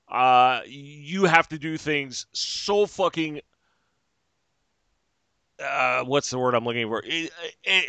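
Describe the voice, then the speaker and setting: Podcast host, male, sweary sarcastic ranter, bright forceful tone, dry close sound. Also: fairly high pitch, smooth, no room sound. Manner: profane, ranting, sarcastic. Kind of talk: casual ranting chat.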